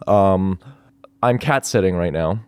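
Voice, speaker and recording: A man's voice: low voice, lively intonation, slow pace, clean tone, dry recording. A young man co-hosting a podcast, teasing with dry jokes and laughing easily in casual banter, close to the mic. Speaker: podcast co-host.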